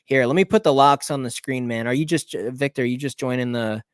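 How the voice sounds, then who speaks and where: A man runs a late-night live stream of betting picks in a medium voice, recorded dry and close with no room sound. He thinks aloud, repeats team names and corrects himself. His talk drops into quiet mutters and then jumps into excited outbursts. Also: medium pitch, fairly quick, clear, resonant tone, dry recording. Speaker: sports betting show host.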